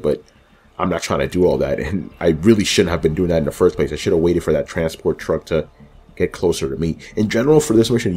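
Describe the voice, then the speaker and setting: Deep-voiced man rambling over gameplay. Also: dark tone, breathy edge. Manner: rambling and loose, with many fillers and self-mocking asides. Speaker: video game walkthrough commentator. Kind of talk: casual gameplay commentary.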